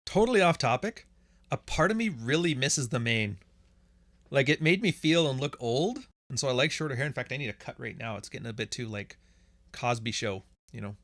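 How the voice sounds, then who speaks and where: A Canadian man talks off the cuff as a podcast host, blunt, profane and sarcastic, often breaking into laughs. His voice is bright and forceful, at a middling pitch. The sound is dry and close, with no room echo. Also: expressive, a little fast. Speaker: podcast host answering chat questions. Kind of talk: casual livestream chat.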